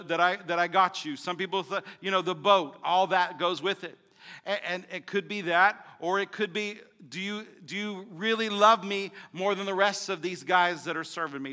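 Male pastor, impassioned sermon delivery that rises and drops, bright tone, long hall reverb. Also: high voice. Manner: impassioned preaching, swings from loud to quiet.

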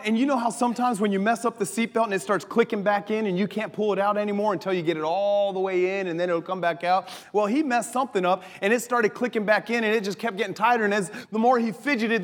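Animated preacher man in a reverberant hall. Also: sits high, fast, few pauses. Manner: animated storytelling preacher, laughs often, drops to soft prayer voice. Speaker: pastor. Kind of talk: sermon. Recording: long hall reverb with faint music.

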